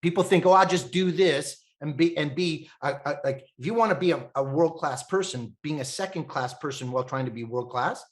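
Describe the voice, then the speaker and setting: A man in his fifties from Canada, a podcast guest telling animated stories, laughing often and acting out the voices of people he quotes. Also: fairly high pitch, fairly quick, few pauses. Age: 50s. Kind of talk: animated storytelling.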